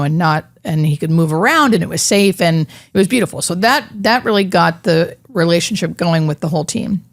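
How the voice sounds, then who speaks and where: A middle-aged woman, a hospice nurse, telling a personal story in an interview, halting and emotional, with many fillers. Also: fairly low pitch, no room sound, studio quality.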